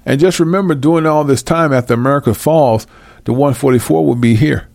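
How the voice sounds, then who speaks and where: A man's voice: medium pitch, brisk, gravelly, a little mellow, no room sound. A man reading Bible verses aloud and preaching over them in a blunt, confrontational and mocking way. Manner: reads verses aloud then explains them. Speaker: self-styled Bible teacher. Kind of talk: scripture reading with fiery commentary.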